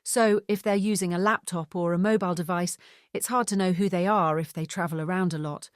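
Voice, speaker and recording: Woman reading Charlotte, brisk and blunt. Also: fairly low pitch, fairly even intonation, clean tone, no room sound, clean studio sound, close to an everyday voice. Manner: brisk, matter-of-fact explaining. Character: blunt wealthy divorced tech-savvy woman.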